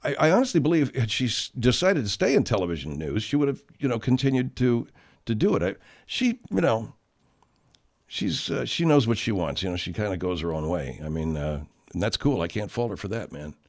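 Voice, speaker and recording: A man's voice: fairly low pitch, big pitch swings, fairly quick. A male radio show host in casual, profane chat who rambles and laughs easily.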